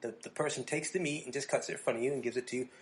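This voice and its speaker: A man's voice: medium pitch, racing, a little hiss or hum. Rambling storytelling man from New Jersey. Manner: rambling storyteller, laughs easily. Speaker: podcast host. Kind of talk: casual chat.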